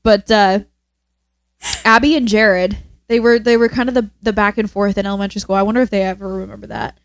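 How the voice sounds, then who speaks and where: A young woman co-hosting a podcast, telling stories in relaxed, matter-of-fact casual chat. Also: mid-range voice, a little fast, no echo. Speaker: podcast co-host.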